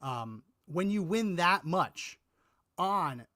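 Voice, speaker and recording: A man's voice: high voice, animated, drawn-out words, sharp tone, dry recording, clean studio sound. A man hosting a casual political chat show, meandering and restarting his sentences with the odd chuckle. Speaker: podcast co-host.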